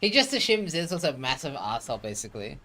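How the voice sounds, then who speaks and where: A relaxed man giving casual game commentary as a co-caster, teasing his partner. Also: medium pitch, fast, faint music behind.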